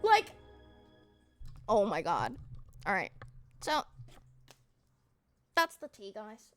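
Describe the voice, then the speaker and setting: A woman's voice: mid-range voice, huge pitch swings, very slow, fairly bright tone, soft background music. A young woman streamer recapping a game to her chat, telling the story with mock outrage, laughter and swearing.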